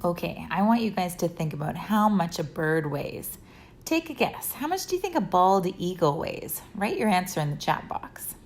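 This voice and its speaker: A woman educator narrating a lesson, calmly putting questions to children. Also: fairly low pitch, normal speed, soft background music. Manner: calm, asks children questions.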